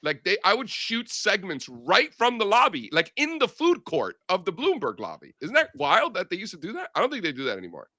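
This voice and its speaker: A man hosting a casual market chat show, loud, playful and animated as he tells stories. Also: high voice, fairly quick, few pauses, dry recording, clean studio sound. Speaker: show host.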